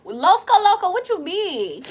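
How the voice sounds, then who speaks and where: A woman with a very high, sing-song voice speaks a little slowly. She hosts a casual livestream, reading chat aloud, playful and profane, laughing a lot and teasing viewers in a mock-preacher tone.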